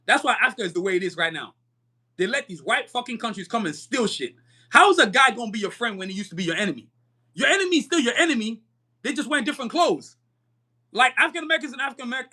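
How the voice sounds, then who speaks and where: A man's voice: extremely high pitch, sharp tone, slightly rough. A young man hosting a podcast, delivering a fiery, profane, emphatic monologue and often stumbling over repeated words. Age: young adult. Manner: emphatic, repetitive stumbling restarts. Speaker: podcast host. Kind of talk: live-stream podcast monologue.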